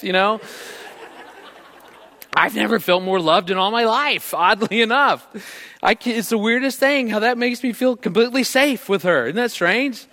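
A middle-aged man with a high-pitched voice speaks at a normal pace, delivering a live presentation on marriage to an audience. He's an animated storyteller, telling energetic stories and quizzing the crowd with questions.

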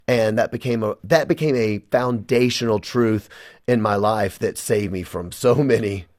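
A man's voice: fairly low pitch, normal speed, darkish tone, dry recording. Guy sharing his faith story, earnest and emotional, dry studio sound. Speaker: guest. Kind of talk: personal testimony in a radio interview.

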